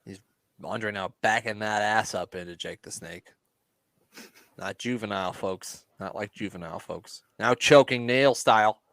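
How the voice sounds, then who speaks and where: A man's voice: on the low side, a little slow, fairly bright tone, no room sound. A man co-hosting a casual podcast, joking and swearing often and laughing as he comments on a wrestling match. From US Midwest. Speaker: podcast co-host.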